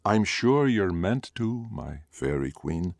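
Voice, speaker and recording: A low, dry-humored young man, fond and teasing toward his partner, as the male narrator reads him. His voice is deep and close, with no room sound. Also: sing-song, slow, gravelly, dry recording, full character voice. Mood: wry. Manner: wry, teasing. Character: wry young man, affectionate and teasing boyfriend.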